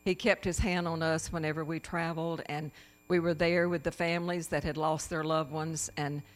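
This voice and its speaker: A woman's voice: low voice, little pitch movement, normal speed. A woman addressing a church congregation in a spirited, exclamatory testimony full of praise.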